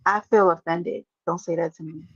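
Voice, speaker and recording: A woman's voice: on the low side, steady tone, moderate pace, breathy edge, dry recording. Woman, livestream host, brash, teasing, dry close sound, dull lo-fi audio. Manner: brash, teasing, swears freely. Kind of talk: casual livestream chat.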